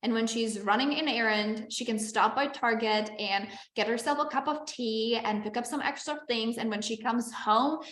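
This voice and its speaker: Woman coach, high-ish voice, chatty and encouraging, teaching live over a video call in an echoey room. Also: normal speed, few pauses, a bit bright. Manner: chatty and encouraging, with frequent "like" and "okay". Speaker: business coach. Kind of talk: live online masterclass teaching.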